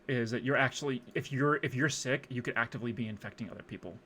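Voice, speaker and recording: A man's voice: mid-range voice, fast talker, bright, forceful tone, slight background noise. A young man streaming, rambling through casual profane commentary on a music video with lots of fillers.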